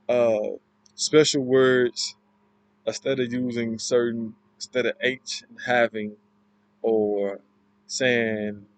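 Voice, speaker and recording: A man giving an informal class presentation, explaining in a halting, loosely worded way. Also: medium pitch, poor audio. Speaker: student presenter.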